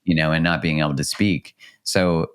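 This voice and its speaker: A man in his thirties speaks as a podcast guest and relationship coach. His voice is extremely deep, and his manner is reflective and earnest. He laughs easily in casual chat. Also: fairly even intonation, moderate pace, clear, resonant tone.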